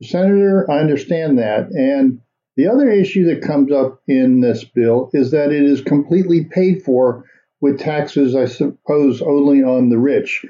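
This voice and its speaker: A man's voice: a little high, measured pace, mellow. A man hosting an unscripted political commentary show, rambling through his points and questioning a guest. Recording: dull lo-fi audio.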